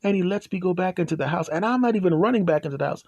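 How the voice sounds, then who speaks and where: A man hosting a podcast, telling a comic story in an animated, chuckling way. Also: sits high, racing, no room sound. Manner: animated, laughing, self-deprecating. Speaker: podcast host. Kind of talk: comedic storytelling.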